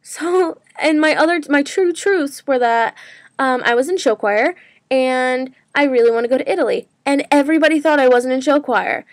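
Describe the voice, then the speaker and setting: A young college woman chats away in a casual daily vlog, rambling from one thought to the next with plenty of fillers. Her voice sits a little high, and the sound is dry and close, like a webcam mic in a small room. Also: normal speed, no room sound. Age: young adult. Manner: chatty, rambling, lots of "like" and "um". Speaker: college student vlogger.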